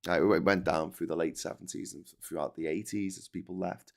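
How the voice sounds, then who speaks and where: In a brief clip, a middle-aged Scouse man hosting a livestream news chat reads super chats in casual commentary. His low, creaky voice is steady in tone and fairly quick, and he rambles sarcastically, swears and makes lots of false starts.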